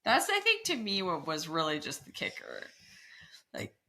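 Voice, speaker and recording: A young woman co-hosts a casual podcast, her voice sitting low and roughened by a gravelly fry. She tells her stories with an animated, sarcastic edge. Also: moderate pace. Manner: chatty, sarcastic, animated storytelling. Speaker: podcast co-host. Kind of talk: casual chat.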